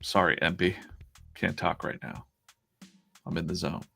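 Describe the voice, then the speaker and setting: A man reading as a gravelly, focused cartoon dog. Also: low voice, steady tone, measured pace, sharp tone, faint music behind, full character voice. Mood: apologetic.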